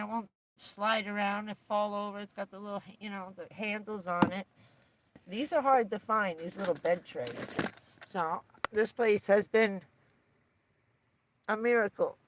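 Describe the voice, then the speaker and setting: A woman's voice: medium pitch, background noise. A woman livestreaming from inside her camper van, chatting casually and rambling along with lots of fillers and little laughs.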